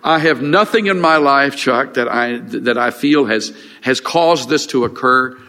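Older man, pastor, earnest unhurried sermon with restarts, mid-pitched voice, long hall reverb. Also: background noise. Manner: earnest, halting with restarts and fillers.

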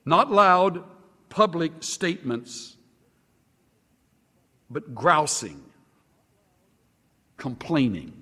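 A man preaching a sermon to a congregation, animated, stretching out key words for emphasis. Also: husky, in a large hall. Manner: animated, sweeping pitch swings with slow drawn-out emphasis. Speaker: pastor.

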